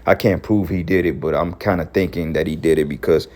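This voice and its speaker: Low-voiced guy preaching hard, cussing and scolding, gets loud. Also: steady tone, brisk. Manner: profane, scolding, rising to shouts. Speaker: religious commentator. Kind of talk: heated street-preaching commentary.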